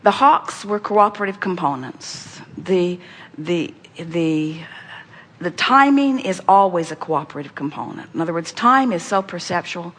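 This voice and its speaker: A woman giving an inspirational spiritual talk, speaking as "we" and addressing the listener directly, emphatic and repetitive, with sudden jumps in pitch and volume. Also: animated, a little slow, a bit bright. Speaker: spiritual teacher channeling a group voice. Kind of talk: inspirational talk to a seminar guest.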